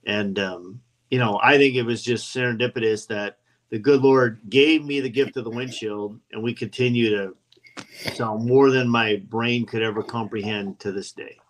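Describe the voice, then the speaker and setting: A man's voice: medium pitch, fairly even intonation, moderate pace, rough recording. A man, a podcast guest, telling anecdotes in casual talk and acting out the quoted voices. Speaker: guest, custom motorcycle builder.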